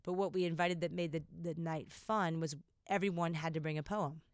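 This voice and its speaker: A woman poet guest talking casually on a podcast, telling stories in an animated way and laughing easily. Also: low-pitched, a little fast, clean tone, no echo, clean studio sound. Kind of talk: casual conversation with poetry reading.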